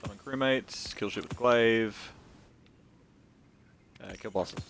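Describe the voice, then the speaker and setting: Dude streaming a game, low voice, chatty and jokey, reads the text out loud. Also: male voice, slow pace, a little hiss or hum. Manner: rambling, joking, reads game text aloud. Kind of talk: casual gameplay commentary.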